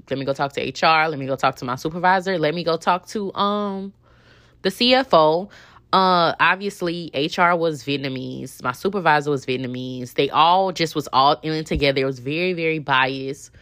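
A woman's voice: deep voice, a bit bright. A young woman hosting a podcast, telling a personal work story in a candid, indignant, chatty way with lots of fillers. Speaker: podcast host. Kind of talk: casual storytelling monologue.

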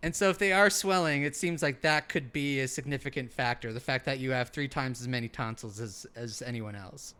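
Comedic co-host, male, bright and crisp voice, halting improv delivery. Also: mid-range voice. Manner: rambling, halting, full of fillers. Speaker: podcast co-host in character as a park ranger.

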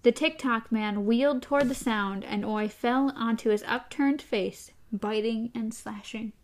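A woman's voice: on the high side, measured pace. A woman reading a novel aloud expressively and chatting about it with a co-host. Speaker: reader and co-host.

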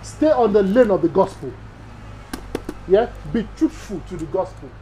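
A Nigerian pastor with a Nigerian accent gives an emphatic teaching sermon to fellow pastors, repeating key phrases and posing rhetorical questions. His high voice has lively intonation at a moderate pace, over a noisy background.

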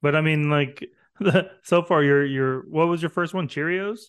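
A man's voice: on the high side, unhurried, clear, resonant tone. Mocking man podcast co-host. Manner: mocking, profane, laughing. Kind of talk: casual podcast banter.

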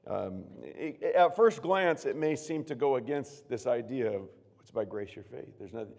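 A man preaching a sermon as pastor, earnest, moving from hushed tones to loud emphatic bursts. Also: medium pitch, animated, moderate pace, gravelly. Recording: long reverb of a large room.

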